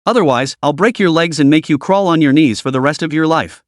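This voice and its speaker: A man's voice: a little high, fairly quick, no room sound, studio quality, close to an everyday voice. A man voicing a sneering arrogant young bully. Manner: sneering, scornful.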